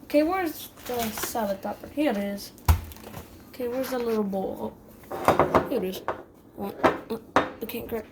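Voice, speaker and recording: A woman voicing a short-tempered male chef who mutters to himself and bursts into yelling. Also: fairly high pitch, measured pace, pauses often, heavy background noise. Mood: muttering. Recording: background music. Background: music.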